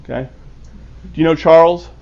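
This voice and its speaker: A man's voice: a little high, steady tone, normal speed, creaky. A man, an author, giving a storytelling talk to a club, earnest and acting out the dialogue. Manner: earnest, acts out quoted dialogue. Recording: dull lo-fi recording.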